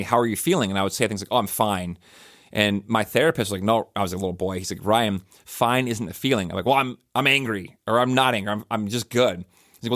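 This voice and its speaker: A man's voice: lowish voice, no room sound, studio quality. A man hosting a church podcast, telling stories in a loose, rambling way with many fillers and restarts. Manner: rambling, self-correcting storyteller with frequent fillers. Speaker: pastor and podcast host. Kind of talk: casual podcast talk.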